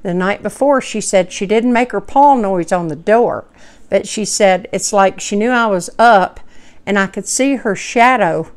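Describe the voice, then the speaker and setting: Woman in her 50s, folksy vlogger with a smooth, clear tone. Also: mid-range voice, measured pace. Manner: heartfelt, rambling, folksy. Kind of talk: personal storytelling to camera.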